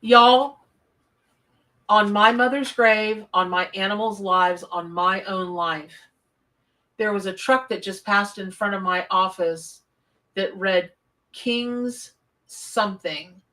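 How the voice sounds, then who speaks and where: A woman's voice: mid-range voice, takes it slowly, pushed and bright, distant mic. A woman, live-streaming a tarot reading from her home office, chatty and effusive as she greets viewers. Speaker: tarot reader on a livestream.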